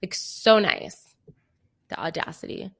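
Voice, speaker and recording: A young woman co-hosting a podcast, telling a story in an animated way, acting out quoted dialogue and saying "like" a lot. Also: lowish voice, slow pace, vocal fry. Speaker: podcast co-host. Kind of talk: casual chat.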